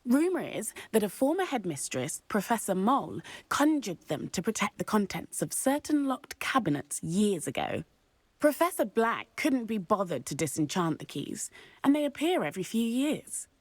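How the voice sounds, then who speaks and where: A chatty young schoolgirl in a video game, eager to pass on a rumour. Her voice swoops lively up and down in pitch. The recording is dry and close. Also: normal speed, dry recording. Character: cheerful young female student at a magic school.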